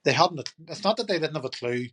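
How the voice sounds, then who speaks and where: As a podcast guest, a middle-aged man tells a story casually in a fairly high, slightly bright voice with a breathy edge, delivered briskly and animatedly. He rambles and chats, leaning on fillers such as "you know" and "turned around and says."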